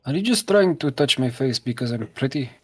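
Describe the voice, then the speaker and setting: A man's voice: medium pitch, lively intonation, brisk, husky. A man playing a tabletop game, joking and teasing the others in casual banter. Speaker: player.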